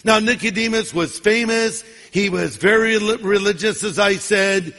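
Speaking at a normal speed, this sixty-something pastor delivers his sermon as folksy, funny storytelling. His high voice comes across pushed and bright, echoing with the long reverb of a big hall.

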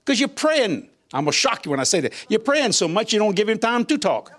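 An older man tells his testimony in a high, lively voice that climbs and drops. He talks casually and laughs often, and he acts out the quotes with sudden leaps in pitch. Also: a little fast. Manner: animated, laughing, colloquial, voices quotes with big pitch jumps. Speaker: guest minister. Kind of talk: testimony storytelling.

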